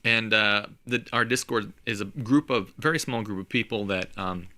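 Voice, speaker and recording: Bright-voiced male podcast host. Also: lowish voice, normal speed. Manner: animated, laughs often, repeats words while thinking. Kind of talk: casual chat.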